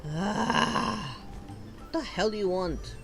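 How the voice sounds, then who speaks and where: A woman's voice: mid-range voice, expressive, slow pace, vocal fry, a bit bright, faint music behind. A woman from Argentina, streaming a gacha game and ranting in frustration with lots of swearing.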